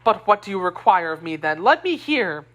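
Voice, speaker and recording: A pompous, cowardly middle-aged mercer, as a woman reader puts him on, puffed up with pride but quick to turn defensive. His pitch swings widely as he talks, lively and full of bluster. A classic storybook husband. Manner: self-important, proud, defensive.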